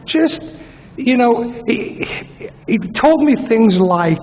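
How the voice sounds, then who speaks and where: A man's voice: very high voice, sing-song, unhurried, gravelly. Man telling a self-mocking recovery story. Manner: self-mocking, rambling, comic asides. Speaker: speaker at a recovery conference. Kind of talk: conference talk. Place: large conference hall with an audience. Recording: dull recording in a reverberant hall.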